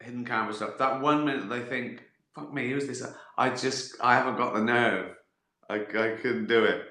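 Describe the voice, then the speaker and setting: In a roomy-sounding recording, a middle-aged West Country man talks at a moderate pace, his medium-pitched voice pushed and bright. He's on a casual livestream, giggling his way through meandering, foul-mouthed funny stories in reply to viewers' questions.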